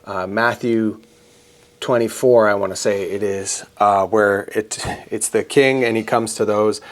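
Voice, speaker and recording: A man with a somewhat low voice talks through a Bible passage in a relaxed podcast chat. He is a pastor, and he tells it like a story, pausing now and then to ask "right?" to keep his co-host with him. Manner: explains scripture through stories, often checks in with "right?". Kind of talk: casual conversational podcast chat.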